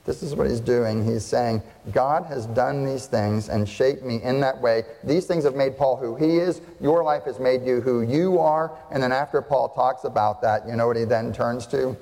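A male pastor delivers a sermon, throwing rhetorical questions at his congregation. His voice sits at an ordinary middle pitch and stays emphatic, circling back to the same key phrases. A long reverb trails each line, as in a large hall. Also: moderate pace, vocal fry, mellow.

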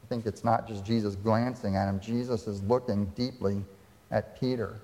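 This pastor speaks at normal speed in a mellow, lowish, steady voice, recounting scripture with drama and asking the congregation rhetorical questions. The sermon is recorded in a church sanctuary with long reverb.

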